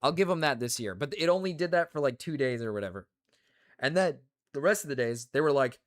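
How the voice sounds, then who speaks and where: A young man on a livestream rants about the weather, swearing and repeating himself as he gets worked up. His voice sits at an ordinary middle pitch. It sounds close and dry, with no room around it. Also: lively intonation, a little fast, dry recording. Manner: ranting, profane, repeats himself. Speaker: streamer. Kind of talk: casual livestream rant.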